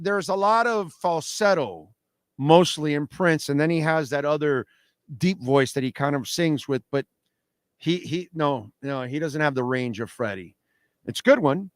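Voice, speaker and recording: A man's voice: on the high side, no echo, studio quality. A man hosting a radio show, talking in a casual, emphatic way and often repeating himself. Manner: animated, emphatic, repeats words. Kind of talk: casual sports radio talk. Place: radio studio. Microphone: studio microphone.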